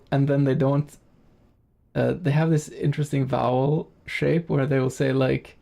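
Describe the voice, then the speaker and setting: A man's voice: on the high side, fairly even intonation, normal speed, gravelly, warm tone. A man streaming a game in casual commentary, chatting with viewers in a rambling, easygoing way and laughing easily.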